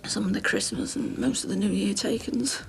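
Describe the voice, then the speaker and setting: A woman's voice: medium pitch, fairly quick, creaky, slight background noise. An actress playing a heartbroken woman, confiding tearfully in TV soap acting. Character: heartbroken barmaid left by a thieving partner.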